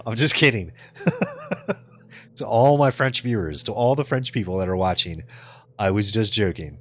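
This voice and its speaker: A man's voice: medium pitch, lively intonation, unhurried. A man live-streaming in casual chat, answering his viewers with loose, profane jokes and frequent laughter.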